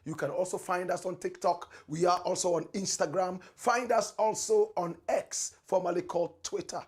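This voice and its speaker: Husky Ghanaian man preaching political commentary. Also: fairly even intonation, moderate pace. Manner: preacherly, dramatic swings in pitch and loudness, repeated catchphrases. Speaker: show host.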